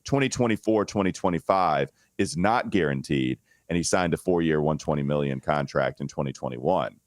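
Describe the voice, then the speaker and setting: A man's voice: sits low, no room sound, clean studio sound. A man hosting a sports podcast, talking casually and thinking aloud with frequent restarts. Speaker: podcast host.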